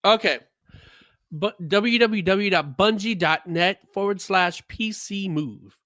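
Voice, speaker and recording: Guy reading gaming news on a podcast, jokey, bright voice, dry sound. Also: high-pitched, slow pace, dry recording. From United States. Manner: jokey, reads notes aloud with frequent laughs. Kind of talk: casual gaming podcast chat.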